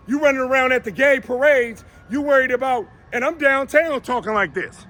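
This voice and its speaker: With few pauses and a sharp tone, a male host of his own show rants fiercely and confrontationally live from a downtown street, naming the people he calls out. His voice is very high-pitched and moderately paced.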